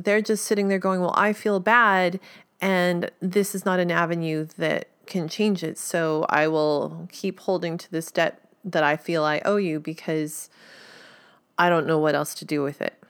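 A woman's voice: lowish voice, steady tone, measured pace, clear, resonant tone. A woman talking alone in a reflective, conversational way, musing aloud, correcting herself and laughing lightly. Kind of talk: reflective solo talk.

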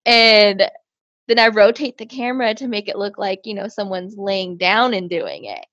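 A woman's voice: medium pitch, expressive, normal speed, fairly bright tone, dry recording. A woman co-hosting a casual chat, telling a crude story with lots of laughing. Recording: dull lo-fi sound.

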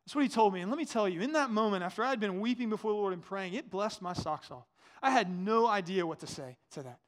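Guy pastor preaching, high voice, chatty, keeps asking the crowd stuff. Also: lively intonation, quick pace. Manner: conversational, asks the congregation questions. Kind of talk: sermon.

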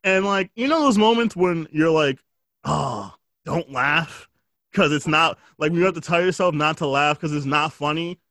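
A man's voice: fairly high pitch, a little fast, few pauses, fairly bright tone, no room sound. A man chatting casually as a podcast co-host, telling stories with jokes, swearing and lots of fillers. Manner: joking storyteller, swears freely, lots of fillers. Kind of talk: casual chat.

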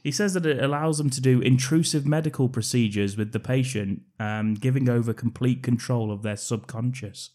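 A man's voice: mid-range voice, normal speed, hardly any pauses, a little mellow. A man co-hosting a casual film-review podcast, swearing freely and breaking into laughter often. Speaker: podcast co-host.

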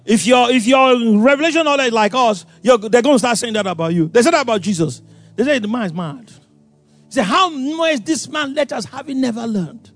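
A man preaching a sermon, animated and acting out voices, with sudden loud outbursts. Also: very high-pitched, fairly quick, no echo, faint music behind. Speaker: pastor.

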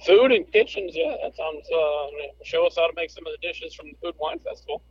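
A man's voice: fairly high pitch, animated, a little fast, lo-fi sound, slight background noise. A man co-hosting a casual podcast chat, easygoing and joking, calling in remotely. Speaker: podcast co-host.

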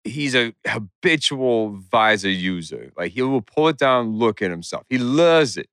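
A man's voice: medium pitch, animated, unhurried, fairly bright tone, clear, resonant tone, dry recording, clean studio sound. A young man in casual chat, laid-back and rambling, laughing along.

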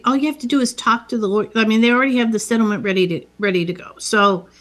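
A woman's voice: on the high side, steady tone, very fast. A woman casually retelling a movie's scenes, quoting the characters as she goes. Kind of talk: casual movie recap chat.

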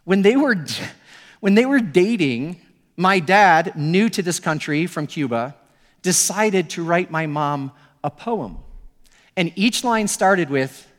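A male pastor preaching a sermon in a conversational, animated storytelling manner. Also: high-pitched, slow, long reverb tail.

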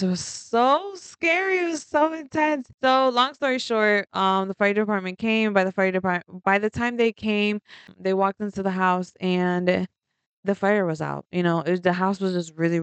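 Very clear-voiced young woman telling a story. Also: mid-range voice, moderate pace, no room sound. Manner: animated, rambling, laughing, swears freely. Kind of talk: casual storytime vlog.

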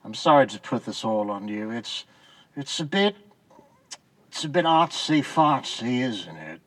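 A man puts on a doting, fluttery posh mother with a mock British accent. Improvised podcast comedy, the voice bright and lively but unhurried. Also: mid-range voice. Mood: gushing. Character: doting posh middle-aged mother, fussy.

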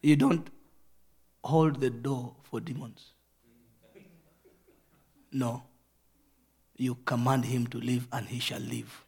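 A pastor preaching a fervent sermon, moving between loud rebuking and quiet storytelling. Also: male voice, medium pitch, steady tone, slow, long pauses, slightly rough.

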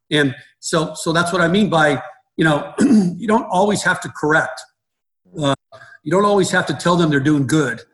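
A man's voice: on the high side, moderate pace, fairly bright tone, low-quality recording. Rambling middle-aged male baseball coach. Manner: rambling, repeats words and restarts often. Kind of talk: conversational interview.

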